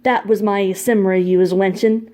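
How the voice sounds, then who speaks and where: A woman's voice: mid-range voice, steady tone, moderate pace, warm tone, close to an everyday voice. A woman doing a roaring, burly tough. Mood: bellowing. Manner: bellowing, roaring. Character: burly, tubby, hot-tempered man.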